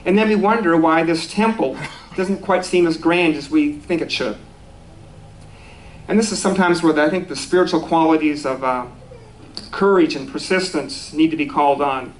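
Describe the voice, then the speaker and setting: A man's voice: a little high, normal speed, a little hiss or hum, rough recording. A man giving a conversational sermon at a spiritual center, easygoing and self-deprecating, with restarts and small laughs.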